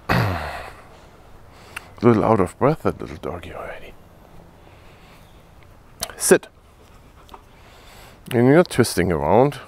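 Low-voiced man training his dogs. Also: slow, vocal fry, long pauses. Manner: short firm commands mixed with relaxed asides. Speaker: dog trainer. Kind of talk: casual training vlog, commands to dogs. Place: outdoors.

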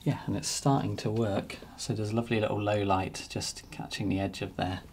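A man narrating a painting demonstration as he works, relaxed and thinking aloud. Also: lowish voice, brisk, background noise. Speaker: painting teacher.

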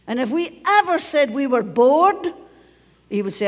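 A Scottish woman pastor preaches in a church sanctuary, emphatic and repeating key phrases, sometimes sinking to a near whisper. Her voice is a little high, with lively intonation and an unhurried pace, wrapped in long church reverb.

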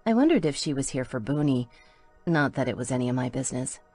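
A woman's voice: very deep voice, big pitch swings, fast talker, warm tone, soft background music. A woman reading a first-person audiobook in an intimate storytelling manner. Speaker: audiobook narrator.

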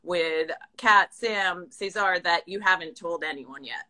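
A woman's voice: on the low side, measured pace, bright, forceful tone. A woman hosting a casual live-stream interview on a video call, upbeat and encouraging. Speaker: host. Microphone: phone or webcam on a video call.

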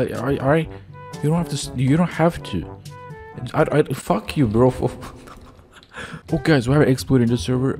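Young man, gameplay commentary, filler-heavy rambling, profane trash talk, mellow tone. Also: mid-range voice. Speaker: gaming YouTuber.

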